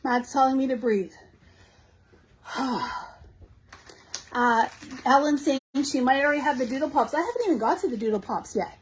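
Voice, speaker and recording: A bubbly woman with a Canadian accent, talking in a high, bright voice as she hosts a live product showcase. She gushes over each item and throws in quick asides to her viewers. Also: slight background noise, rough recording. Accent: Canadian English. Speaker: shop host showing new craft products.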